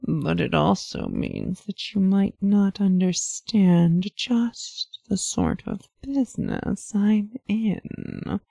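A woman voicing a seductive, teasing female demon who speaks in a slow, purring way. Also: medium pitch, very animated, gravelly, mellow, no room sound, studio quality, pitched above the performer's own voice, exaggerated voice. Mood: mock disappointment.

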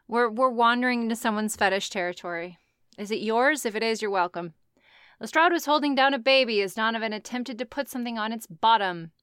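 A woman's voice: fairly high pitch, moderate pace, fairly bright tone, smooth, no echo, clean studio sound. A woman reading fan fiction aloud and breaking off to mock it with sarcastic, profane comments. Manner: sarcastic, profane, laughs often. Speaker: reader reacting to fan fiction.

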